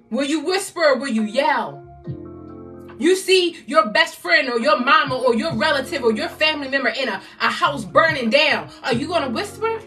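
A woman in her fifties from the United States, a motivational speaker giving a loud, exhorting live-stream talk that keeps repeating rallying phrases. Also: high voice, recorded from a distance. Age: 50s.

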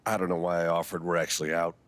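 An actor playing a stern small-town sheriff in a video game, speaking slowly and matter-of-factly. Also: male voice, sits low, flat delivery, a bit bright. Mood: dry.

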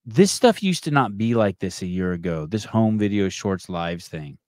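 A man's voice: fairly low pitch, expressive, normal speed, a little mellow, no echo, studio quality. A man hosting a podcast in casual chat, rambling and swearing often, with many restarts. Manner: rambling and profane, with frequent restarts. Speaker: podcast host.

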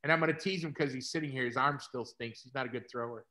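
A middle-aged man hosting a casual conversation, talking to doctors in an energetic, coaching way. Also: mid-range voice, fast. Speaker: host and practice consultant.

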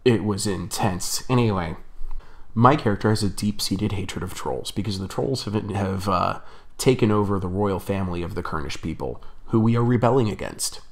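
A man's voice: fairly low pitch, normal speed. A young man telling a rambling story on his vlog, chatty and laughing often. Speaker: vlogger.

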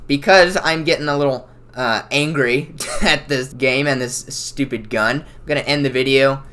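A bright, sharp-toned gamer talks through a match live, yelling at the game and tossing out mild cusses. The voice cuts through clearly. It settles into a calm, low-key chat when addressing viewers. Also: normal speed. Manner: excitable, yells at the game with mild cussing. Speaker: gaming YouTuber. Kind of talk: live gameplay commentary.

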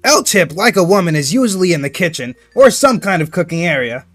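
A young man hosting a Minecraft roleplay, loud and joking with frequent swearing. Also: high voice, big pitch swings, fairly quick, soft background music. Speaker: roleplay host.

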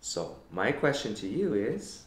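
Man teacher reading aloud to kids, slow and lively, roomy echo. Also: medium pitch, a little hiss or hum. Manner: slow, expressive storytelling. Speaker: kindergarten teacher. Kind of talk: storybook read-aloud for children.

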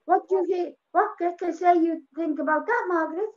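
An older woman with a very high voice coaxes another member playfully and keeps insisting. The call audio sounds muffled and lo-fi. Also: normal speed. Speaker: drama group member. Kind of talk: casual group chat.

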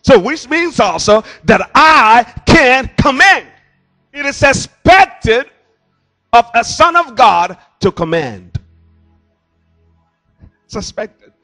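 A man's voice: very high-pitched, big pitch swings, slow pace, long pauses, pushed and bright, faint music behind. A man preaching a sermon in church into a handheld microphone, pressing his point with rhetorical questions. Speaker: pastor.

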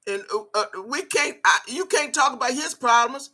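With a high, slightly rough voice at normal speed, an older woman video blogger unloads a heated rant on someone she disapproves of. She is sharp and forceful, swearing freely and repeating phrases over and over to press her points.

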